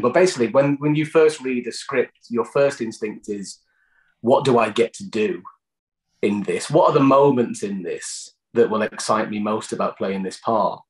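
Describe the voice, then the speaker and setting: A man's voice: lowish voice, normal speed, roomy sound, poor audio. A British man, an actor, answering interview questions in a chatty storytelling way, often restarting phrases.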